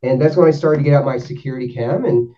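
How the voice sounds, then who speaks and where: A man's voice: medium pitch, fast talker. A man from North Georgia, casually telling a rambling story and correcting himself as he goes. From North Georgia, USA. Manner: rambling, self-correcting, animated when quoting. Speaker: guest explaining spirit sessions. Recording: dull, distant from the mic.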